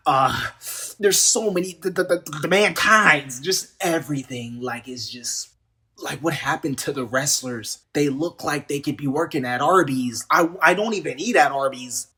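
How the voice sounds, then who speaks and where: A man's voice: a little high, moderate pace, pushed and bright. A man giving a casual, exasperated rant reviewing a wrestling show, sarcastic and heated, often repeating himself. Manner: repeats words and restarts often.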